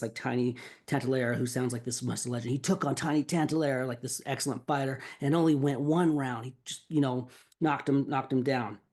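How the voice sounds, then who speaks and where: A podcast host breaks down a song in a casual, rambling way, full of filler words and swearing. His voice is medium-pitched with a darkish tone.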